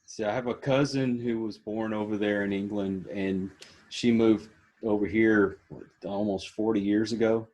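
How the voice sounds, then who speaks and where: A man's voice: lowish voice, steady tone, normal speed, darkish tone, dull audio. A man with a Texan accent hosting a casual interview, friendly and a little rambling. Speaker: podcast host.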